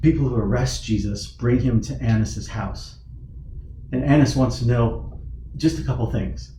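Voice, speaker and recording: Male youth pastor, mellow tone, dramatic retelling; recorded from afar with faint hiss. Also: lively intonation, moderate pace. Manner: storytelling, voices quoted figures with rising pitch. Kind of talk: sermon. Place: church or youth room. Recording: roomy hall from a distance, faint noise.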